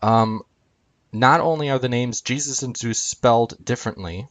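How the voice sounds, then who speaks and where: A man's voice: mid-range voice, moderate pace, fairly bright tone, no room sound. A man explaining a chart on screen, talking hesitantly with many filler sounds. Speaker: video presenter.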